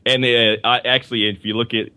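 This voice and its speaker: A man's voice: mid-range voice, flat delivery, brisk, sharp tone, clean tone, no room sound. A man co-hosting a podcast in casual chat, rambling with fillers and restarts as he reviews comics and films. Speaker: podcast co-host.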